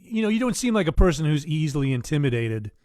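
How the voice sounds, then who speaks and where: Easygoing male interviewer, slightly higher voice, laughs along with his guest. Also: quick pace. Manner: relaxed, encouraging, laughs along. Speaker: host. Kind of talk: casual interview.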